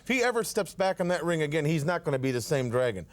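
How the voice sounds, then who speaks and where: A man's voice: fairly high pitch, very animated, fast. A man co-hosting wrestling TV with mocking, needling wisecracks. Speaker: wrestling co-host. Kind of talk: sarcastic heel commentary.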